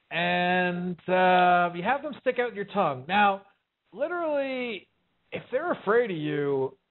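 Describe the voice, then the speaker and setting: A podcast host with a high-pitched voice and a slight hiss or hum runs a casual chat show, speaking bluntly and profanely. He rambles, packing in plenty of fillers, and the recording sounds tinny, like a phone.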